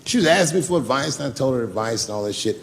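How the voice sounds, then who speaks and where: Animated, profane male stand-up comic. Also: mid-range voice, rapid-fire, creaky. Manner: profane, animated, acts out characters. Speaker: stand-up comedian. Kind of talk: stand-up storytelling. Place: comedy club stage. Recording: long stage reverb, faint noise.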